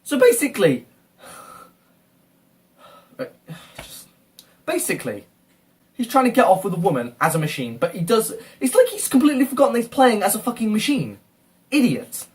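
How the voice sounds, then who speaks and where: Brief: male reactor, fed-up sweary rant, very animated pitch, slightly distant mic. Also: normal speed, pauses often. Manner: exasperated, repeatedly insulting and swearing. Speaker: video reactor. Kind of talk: ranting reaction commentary.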